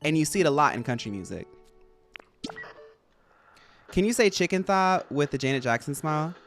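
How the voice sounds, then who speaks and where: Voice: medium pitch, sing-song, normal speed, fairly bright tone, faint music behind. A streamer chatting casually while playing a game, rambling and playful, jumping from topic to topic. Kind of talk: casual gameplay stream chat.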